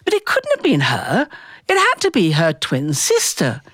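A woman telling a personal childhood story in a lively, expressive way, acting out the voices of the people in it. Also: fairly low pitch, normal speed, dry recording, studio quality.

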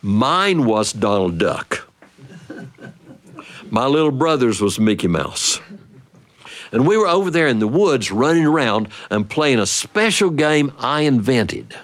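A middle-aged man tells a childhood story to young listeners in a playful, animated way. His pitch swoops and lifts freely, sitting at an ordinary middle height. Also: measured pace.

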